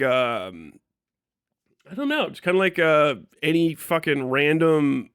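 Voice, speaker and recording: A man's voice: on the high side, smooth, no echo, studio quality. A man from Kentucky telling a story on his livestream, swearing freely and laughing often. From Kentucky, USA. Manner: profane, animated retelling, frequent laughs. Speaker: live streamer.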